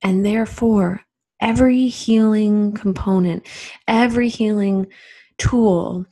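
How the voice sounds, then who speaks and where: A woman giving a reflective spiritual talk as a teacher, speaking gently with drawn-out, unhurried phrasing. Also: medium pitch, fairly even intonation.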